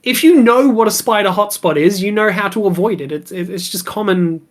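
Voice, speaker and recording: A woman's voice: medium pitch, brisk. A woman chatting casually as a podcast guest, rambling with many fillers and frequent laughs. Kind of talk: casual chat. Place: lives in Australia.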